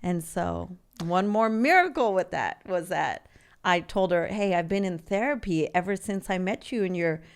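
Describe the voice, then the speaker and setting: A woman's voice: on the low side, lively intonation, clean tone. A woman in her forties from California, a podcast guest telling her life story in a candid, earnest way. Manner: earnest and open, with halting restarts.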